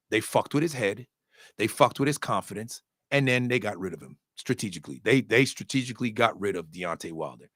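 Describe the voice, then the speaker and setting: A man giving casual, opinionated commentary on boxing, animated, profane and joking, with sudden loud outbursts. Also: medium pitch, no room sound, clean studio sound.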